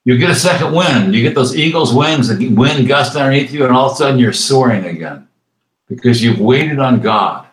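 A male pastor delivers a sermon at a mid pitch. He reads scripture slowly and deliberately, then slips into quick, casual asides. The recording carries a roomy echo. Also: expressive.

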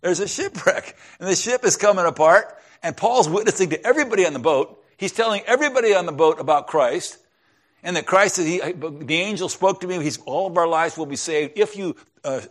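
Man preaching in a storytelling way. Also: high voice. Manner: conversational storytelling preaching, restarts, drops to a hushed tone for emphasis. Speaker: pastor. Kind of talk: sermon.

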